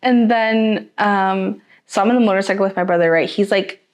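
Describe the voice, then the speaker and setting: Young woman just chatting on a podcast, swears a lot, lively storytelling, normal pitch. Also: normal speed. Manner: animated storyteller, swears freely. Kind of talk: casual podcast chat.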